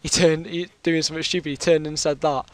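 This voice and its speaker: A man's voice: fairly high pitch, little pitch movement, fast talker. A British man with a sore throat, telling a long rambling story in casual chat over his gameplay. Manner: rambling, chatty, full of fillers. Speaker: gaming commentator.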